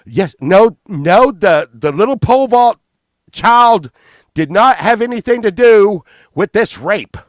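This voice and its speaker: Guy doing a shrieky outraged old lady neighbor, loud and high, dry sound. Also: animated, slow pace, no echo. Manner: indignant and shrill. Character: shrill, outraged older woman neighbor.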